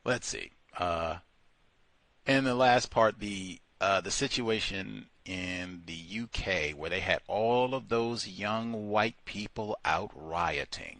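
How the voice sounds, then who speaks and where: A man's voice: on the low side, slow, a bit bright, no room sound. A man hosting a satirical call-in show, talking in a sardonic way with mocking asides. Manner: sardonic, switching between mocking voices and asides. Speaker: radio show host.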